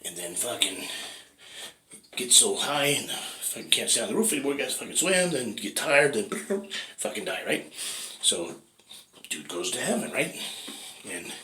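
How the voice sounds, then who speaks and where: A fitness vlogger rambles casually, swearing often and repeatedly checking in with "right?" His medium-pitched voice is sing-song and sharp, a little slow, with frequent pauses. The room is echoey, with faint background noise.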